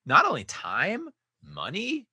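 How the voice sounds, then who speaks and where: A man who acts and teaches improv, a guest on a casual podcast, telling stories in a lively and expressive way. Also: on the high side, slow, slightly rough, no room sound, clean studio sound.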